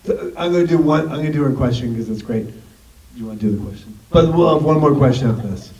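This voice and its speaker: A man's voice: fairly high pitch, lively intonation, fast talker, far from the mic, lo-fi sound, crowd noise. A man on a convention panel, playfully joking and steering the Q&A in a theater. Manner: playful, joking, takes charge. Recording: roomy theater audio from afar.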